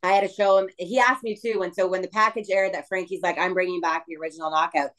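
A middle-aged woman being interviewed about returning to wrestling, talking emotionally with frequent restarts and pauses. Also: fairly low pitch, fairly even intonation, fairly bright tone, rough recording. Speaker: guest wrestler. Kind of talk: casual interview chat.

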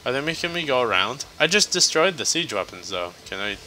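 A man's voice: medium pitch, big pitch swings, brisk, sharp tone, a little hiss or hum, poor audio. A man giving casual, joking let's-play commentary as he plays, chatty and laughing often. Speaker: gameplay commentator.

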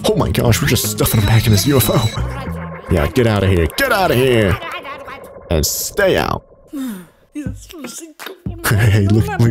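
A man giving excitable gameplay commentary, reacting loudly and laughing often. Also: medium pitch. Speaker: let's play gamer. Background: game music.

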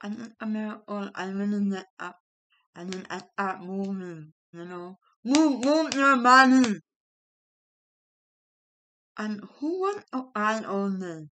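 A middle-aged woman vlogger slowly recounting a personal experience in halting, emotional phrases. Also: mid-range voice, lively intonation, sharp tone, rough recording. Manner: slow, halting, emotional retelling. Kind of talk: personal vlog storytelling.

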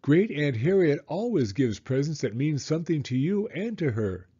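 Brief: storybook mother turtle, read by a man, gentle and teasing. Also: a little high, sing-song, normal speed, slightly rough, lo-fi sound. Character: warm playful mother turtle.

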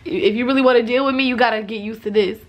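Chatty young woman vlogger, morning rasp. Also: on the high side, very fast, dull audio. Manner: relaxed, chatty, laughs often. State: morning voice with a cough. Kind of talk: casual vlog talk to viewers.

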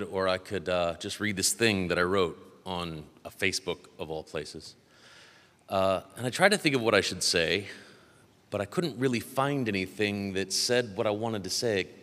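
A man's voice: low-pitched, bright, forceful tone. A man, a former student, giving an earnest, hesitant memorial speech on a theater stage. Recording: echoey theater hall.

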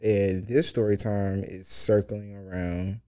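Young male host, comedic storyteller, brash and profane, swings from shouting to near-whisper, dry close sound. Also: lowish voice, slow pace, smooth, dry recording. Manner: animated and profane, jumping from loud outbursts to hushed asides. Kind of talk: comedic story time monologue.

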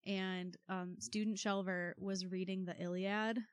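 A woman co-hosting a true-crime podcast, telling the story with wry, animated asides. Her voice sits in a middle pitch. It is recorded close and dry, with no room echo. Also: unhurried, clear, resonant tone. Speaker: podcast co-host.

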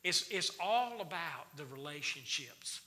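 A man's voice: on the high side, expressive, measured pace, pushed and bright. A man teaching a Wednesday night Bible study in a church, folksy and quizzing the congregation with questions. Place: church sanctuary. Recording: reverberant church hall.

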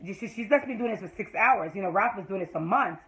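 A woman giving an excited, casual recap of a TV episode, swearing freely and breaking into loud squeals of delight. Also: medium pitch, fairly quick, low-quality recording. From Jamaica. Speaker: TV episode reviewer.

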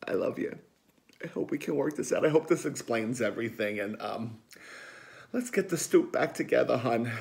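A man's voice: a little high, gravelly, darkish tone. A man playing a dramatic, gossipy middle-aged aunt with a Philadelphia accent, rambling and emotional in a comedic monologue. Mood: pleading. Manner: rambling, chatty, emotional, defensive.

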